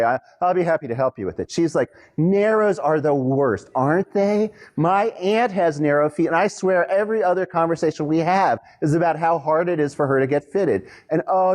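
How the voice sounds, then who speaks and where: Animated man giving a conference talk. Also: mid-range voice. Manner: animated storyteller with quick quoted asides. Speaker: speaker on customer service.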